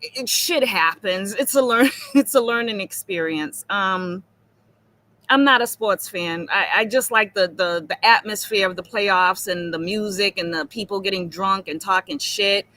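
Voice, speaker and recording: A woman's voice: mid-range voice, measured pace, bright, forceful tone. A woman from Boston with a Boston accent, talking casually on a livestream in a rambling, chatty way and swearing freely. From Boston, Massachusetts. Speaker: livestream guest.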